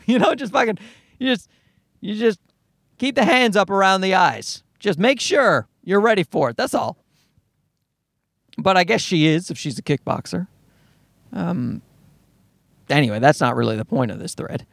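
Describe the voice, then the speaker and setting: A man's voice: high voice, normal speed, creaky, long pauses, dry recording, studio quality. A man telling a story as a rambling, profane rant into a microphone in his car in a parking garage. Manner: profane, animated, self-interrupting.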